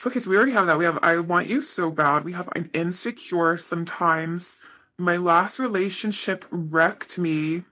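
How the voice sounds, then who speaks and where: A man's voice: sits high, normal speed, pushed and bright. A man giving a casual tarot reading, talking in a rambling, self-correcting way with lots of fillers. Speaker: tarot reader.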